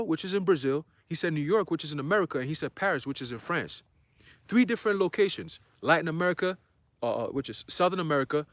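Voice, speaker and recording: A man preaching a livestreamed church sermon in a fiery, profane way. His voice sits a little high for a man. He hammers each point home with "all right?" and "okay?" and swears freely as he goes.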